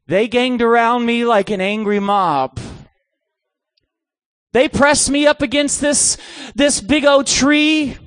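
High-voiced male preacher telling a story. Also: slow, long pauses, dry recording, clean studio sound. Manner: animated storytelling, comic. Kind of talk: sermon.

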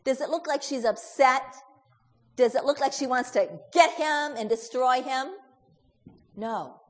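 Woman preacher, fairly high voice, story sermon full of questions to the listeners, long hall reverb. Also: unhurried.

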